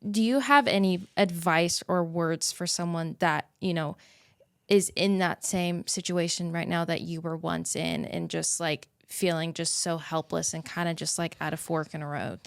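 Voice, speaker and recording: A woman hosting a podcast who asks gentle, empathetic questions in an interview conversation. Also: lowish voice, fairly even intonation, moderate pace, creaky, dry recording, clean studio sound. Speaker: podcast host. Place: podcast studio.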